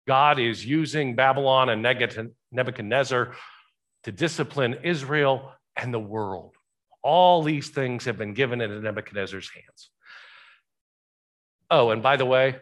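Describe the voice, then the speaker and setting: A man's voice: medium pitch, a little slow, fairly bright tone. A pastor giving a conversational sermon, asking the congregation rhetorical questions and shifting his emphasis often.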